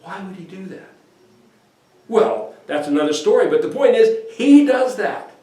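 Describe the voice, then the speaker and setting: A man giving an informal, animated scripture teaching, acting out quoted voices as he goes. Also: sits high, measured pace. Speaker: bible teacher. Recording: echoey room, voice from a distance.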